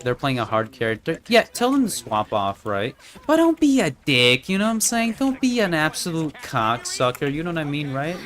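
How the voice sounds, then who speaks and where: A man's voice: mid-range voice, fairly bright tone. Brief: young male streamer at home, casual, profane, rambling, mid-range voice. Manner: rambling, profane, full of "right?" and "you know". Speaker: game streamer. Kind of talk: casual chat while gaming on stream.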